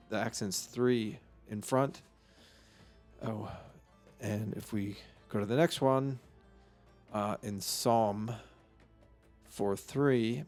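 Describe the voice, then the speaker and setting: Slow, halting man teaching vocabulary. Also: lowish voice, darkish tone, soft background music. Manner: slow and halting, thinking aloud with many fillers. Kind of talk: unscripted vocabulary lesson.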